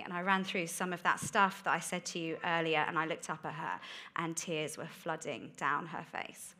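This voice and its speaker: A woman giving a candid sermon about her life, told as a chatty story with quick asides. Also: deep voice, steady tone, bright, forceful tone. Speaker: guest speaker. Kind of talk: testimony sermon.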